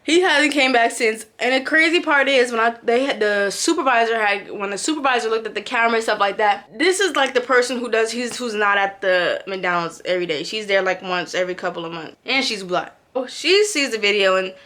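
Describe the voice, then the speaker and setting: A young woman casually telling a story from her job, acting out her own lines with sudden jumps in pitch. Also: fairly quick, hardly any pauses. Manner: animated, acts out quotes with big pitch jumps. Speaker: vlogger.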